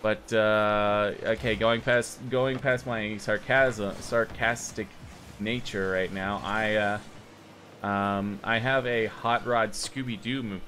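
A young man giving casual live commentary while playing a game online, rambling and self-mocking, with sudden excited outbursts. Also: lowish voice, slow pace, a little hiss or hum. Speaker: gaming streamer.

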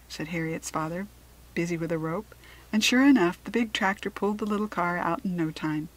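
An American woman reading a children's storybook aloud in a gentle, careful way. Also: lowish voice, brisk, rough recording. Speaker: children's book reader.

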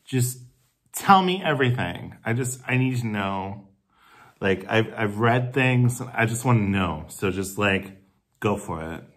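A man's voice: fairly low pitch, animated, fairly bright tone. A man in character as a supportive friend in a comedy sketch, gushing and emphatic, coaxing sympathetically, then swearing in indignant bursts. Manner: gushing, emphatic and profane, with drawn-out stressed phrases. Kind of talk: comedic sketch monologue to the camera. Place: home, where he lives in the city.

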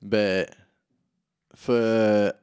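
A man's voice: on the low side, flat delivery, drawn-out words, darkish tone, clear, resonant tone. A man, hosting a casual comedy podcast, laughing a lot and swearing freely. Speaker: podcast host. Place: podcast studio.

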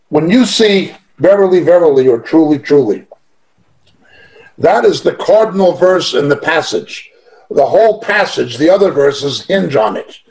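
A man's voice: a little high, expressive, a little slow, long pauses, low-quality recording. A man teaching through a Bible passage verse by verse, reading it aloud and stressing points by repeating them. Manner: emphatic, repeats key phrases, reads verses aloud.

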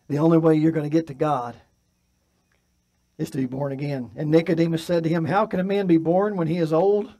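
Male pastor, fairly high voice, preaching in church, moves between forceful emphasis and hushed delivery. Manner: preaching with swings from loud emphatic to soft and quiet. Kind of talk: sermon. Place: church sanctuary.

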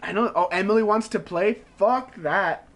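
Male gaming streamer, high-pitched, casual and profane, rambles and laughs while chatting with viewers. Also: moderate pace, a bit bright. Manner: rambling, swears a lot, laughs often, says "like" constantly.

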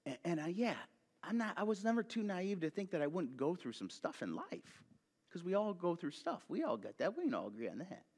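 A man giving a sermon as a guest pastor, telling the story with lots of energy, jumping from loud bursts to quiet asides and joking with the congregation. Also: high voice, brisk, breathy edge, big-room sound. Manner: animated storytelling, swinging between loud bursts and hushed asides; jokey, talks straight to the congregation.

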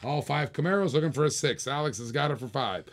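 A man hosting a live-streamed toy car auction, calling bids in quick repeated bursts with chatty asides to viewers. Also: a little high. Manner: rapid repetitive bid calling, chatty asides. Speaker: auctioneer host.

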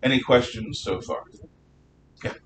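A man teaching a history class, lecturing in a lively, opinionated way and sometimes spelling words out slowly. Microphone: distant room mic. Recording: echoey classroom from far off with faint rumble.

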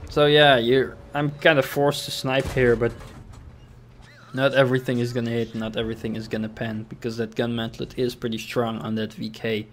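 A man's voice: medium pitch, moderate pace, a little hiss or hum. Man giving casual tank game commentary. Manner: relaxed, thinking aloud with fillers and restarts. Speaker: gameplay commentator.

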